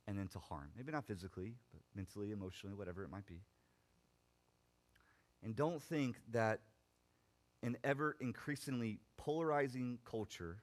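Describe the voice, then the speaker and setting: Animated young male pastor preaching. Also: mid-range voice. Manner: animated preaching, rising loud then dropping quiet. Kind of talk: sermon.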